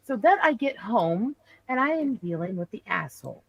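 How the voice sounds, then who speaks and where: A woman's voice: mid-range voice, normal speed, creaky, slightly rough, no room sound, muffled recording. Woman streamer, outraged storyteller, close and dry sound. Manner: indignant animated storytelling. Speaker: livestream host. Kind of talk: casual chat.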